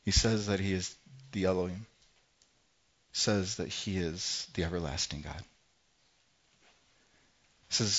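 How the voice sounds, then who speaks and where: A man preaching a sermon as pastor, swinging from loud, forceful scripture reading to soft, hushed lines. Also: lowish voice, steady tone, normal speed, highs cut off. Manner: impassioned, rising loud when reading scripture, then dropping soft.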